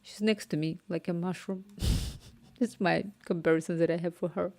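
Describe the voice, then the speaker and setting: Woman, casual home livestream, gravelly low voice, murmurs to herself. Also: fairly even intonation, moderate pace, mellow. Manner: thinks aloud, murmurs and whispers to herself while working. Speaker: live-streaming developer. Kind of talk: casual livestream chat while coding.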